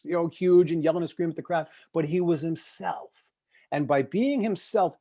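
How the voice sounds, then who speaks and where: A middle-aged man from the United States, a success coach giving an animated motivational talk on a video call, swinging from loud bursts to hushed asides as he tells stories. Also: a little high.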